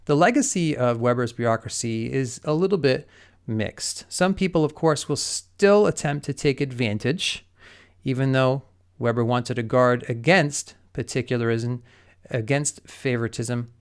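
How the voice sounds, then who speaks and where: A man's voice: medium pitch, a little slow, smooth. A middle-aged man giving an explanatory lecture, working methodically through numbered points with everyday examples.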